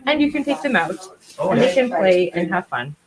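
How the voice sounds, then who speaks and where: A woman co-hosting a live art auction in casual chat, giggly and lively. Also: medium pitch, normal speed, over a noisy crowd.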